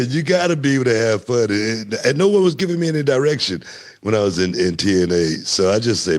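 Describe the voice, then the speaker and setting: A middle-aged man with a fairly low voice, spinning stories as an interview guest. He talks animatedly, his pitch leaping up when he laughs, relaxed and chatty throughout. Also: fast. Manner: animated, laughing storyteller with wide pitch swings. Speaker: guest, former wrestler. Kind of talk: casual interview storytelling.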